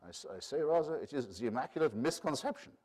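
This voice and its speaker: A man's voice: medium pitch, animated, quick pace, a little mellow, husky, voice pushed up. A man imitating the accent of a learned Israeli philosopher, delivering a wry, emphatic line.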